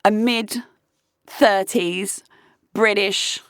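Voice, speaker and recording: A hesitant young man mumbling through an explanation with lots of ums, in a lower, flatter register than the speaker's own voice. A woman acts him out while retelling a story. The sound is close and dry. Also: extremely slow, clean tone, no echo. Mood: explaining. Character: casual young man, offhand and matter-of-fact.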